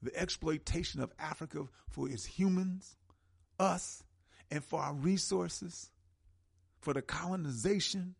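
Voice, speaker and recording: Gravelly, impassioned male radio host. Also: on the high side. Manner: impassioned, preaching cadence with emphatic slow stresses. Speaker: radio talk show host. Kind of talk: call-in radio talk.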